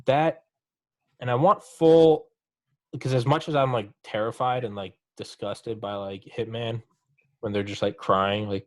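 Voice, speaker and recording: A man in casual chat with friends, talking in a profane, animated way. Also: mid-range voice, measured pace. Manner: profane, animated, acts out mock quotes.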